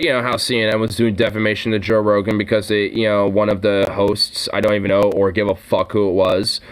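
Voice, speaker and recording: A man's voice: lowish voice, clean tone. A man giving a sarcastic, swear-heavy reaction commentary, ranting and mocking what he hears. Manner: mocking sing-song interjections.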